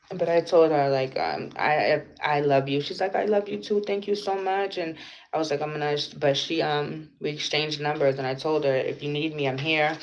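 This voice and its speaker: A woman's voice: very deep voice, a little hiss or hum. A mother telling a personal story in an emotional vlog, earnest and repetitive, close to tears and swearing now and then. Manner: tearful, earnest, repeats herself, swears.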